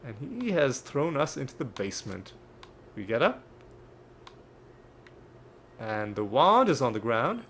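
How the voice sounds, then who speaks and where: A man's voice: medium pitch, very animated, measured pace, long pauses, a bit bright, a little hiss or hum. A man playing a video game and chatting casually about it, often laughing and restarting words. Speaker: gaming channel host.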